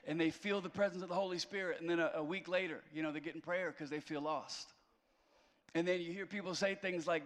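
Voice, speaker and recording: A male pastor delivers a conversational sermon, with his voice sitting a little higher than most men's. He slips easy, self-deprecating humor into the message. His voice rings out with a long reverb, as if in a large church hall. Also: fairly even intonation, brisk, a bit bright.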